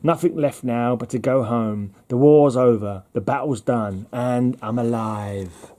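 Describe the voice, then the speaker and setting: A man's voice: mid-range voice, measured pace, warm tone, close to an everyday voice. A man voicing a young male Southern soldier from the Civil War with a strained put-on drawl. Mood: relieved.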